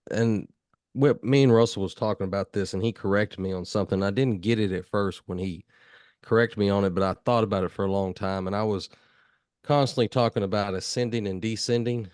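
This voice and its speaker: A man's voice: lowish voice, brisk, darkish tone, clear, resonant tone, no room sound, clean studio sound. A man in a group religious study discussion, sharing his thoughts in a thoughtful, rambling way.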